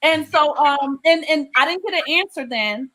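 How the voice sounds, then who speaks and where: A woman's voice: sits high, expressive, moderate pace, pushed and bright, low-quality recording. Woman telling an emotional faith testimony. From Maryland, USA. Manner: emotional storytelling with frequent "um" and "right?". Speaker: person giving a testimony.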